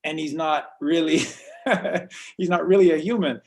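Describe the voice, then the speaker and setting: A man's voice: fairly high pitch, fairly even intonation, fairly quick, vocal fry, darkish tone. A man hosting a casual spiritual talk, rambling and often repeating words as he restarts sentences. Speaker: host.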